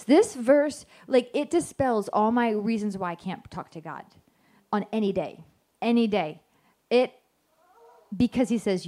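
A woman's voice: medium pitch, lively intonation, unhurried, warm tone. A woman giving an informal devotional Bible teaching, chatty and self-correcting, often acting out the lines she quotes.

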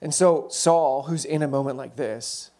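A man preaching a sermon, telling the story conversationally with quick asides and self-corrections. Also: mid-range voice, a little mellow.

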